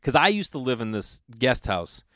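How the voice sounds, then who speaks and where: An animated man spins a casual, profane comic story and slips into the voices of the people in it. His voice sits at an ordinary pitch. The sound is dry and close, with no room around it. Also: normal speed, dry recording. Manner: animated, profane, acts out other people's lines.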